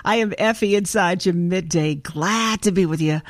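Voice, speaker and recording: A woman's voice: on the low side, normal speed, no echo. A woman hosting a gospel radio show with a chatty, preacherly manner. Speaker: radio host.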